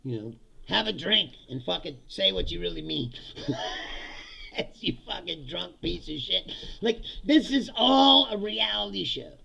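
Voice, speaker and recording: A man's voice: high-pitched, expressive, a little slow, vocal fry, bright, forceful tone, husky, dull audio. A man delivering a profane, sarcastic political comedy rant, laughing between lines. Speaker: political commentator.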